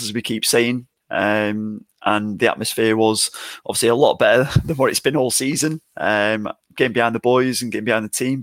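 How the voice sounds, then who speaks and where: A man chats easily on a football podcast, upbeat and full of fillers. His voice sits at a middle pitch. The sound is dry and close. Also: a bit bright, no room sound. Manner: easygoing, filler-heavy, upbeat. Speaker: podcast co-host. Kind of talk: casual chat.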